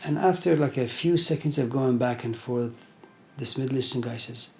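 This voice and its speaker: A man's voice: medium pitch, normal speed, faint music behind. A middle-aged man giving an informal lecture, retelling a story in a conversational way with many fillers.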